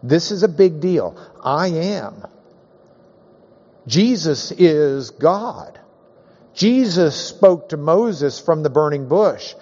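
A man's voice: a little high, lively intonation, takes it slowly, a little mellow. A man teaching a Bible class in a folksy, joking way, leaning hard on key words. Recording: dull, echoey hall recording.

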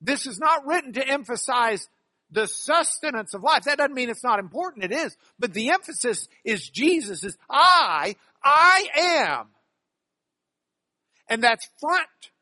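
A man teaching a class on biblical Greek grammar, animated and stressing key words by repeating them. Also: very high voice, normal speed, no echo. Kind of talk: classroom lecture.

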